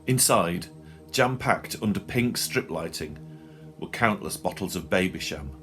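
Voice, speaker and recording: Lively low-voiced male storyteller. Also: a little slow, soft background music. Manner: dry, expressive storytelling. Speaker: narrator. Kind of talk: audiobook reading.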